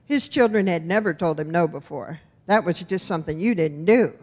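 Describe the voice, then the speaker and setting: A woman's voice: lowish voice, moderate pace. Wry woman telling a story. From rural Iowa, US. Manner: wry, expressive, animated in punchlines. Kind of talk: live personal storytelling. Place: storytelling event venue. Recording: long hall reverb.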